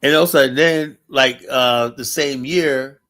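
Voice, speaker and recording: A man's voice: medium pitch, slow, a bit bright. A man hosting a casual streamed talk show, telling loose, profane stories and acting out quotes. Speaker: podcast host. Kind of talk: casual storytelling chat. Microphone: remote stream call.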